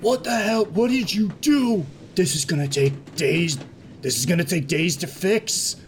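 A man voicing a gruff, angry male ship officer who shouts in exasperation. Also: high-pitched, a little slow, slight background noise, voice pushed up. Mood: exasperated. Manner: yelling, exasperated.

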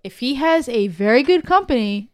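A woman with a higher, smooth voice co-hosts a podcast, speaking bluntly and swearing casually. The sound is close and dry. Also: animated, moderate pace, dry recording. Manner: blunt and profane, teasing. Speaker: podcast co-host. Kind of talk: casual chat. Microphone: studio microphone.

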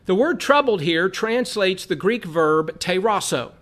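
A man's voice: high voice, lively intonation, moderate pace, hardly any pauses, a bit bright. A man from Southern California teaching an earnest Bible study lesson, repeating phrases for emphasis.

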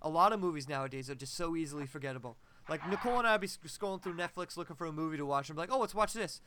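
A man's voice: on the high side, racing, pushed and bright, slight background noise. A young adult man co-hosting a podcast in casual chat, emphatic and opinionated. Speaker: podcast co-host.

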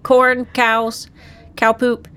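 A young woman with a Midwestern American accent, co-hosting a podcast in relaxed, chatty talk. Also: fairly high pitch, very slow, clean tone. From United States. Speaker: podcast co-host. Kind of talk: casual chat.

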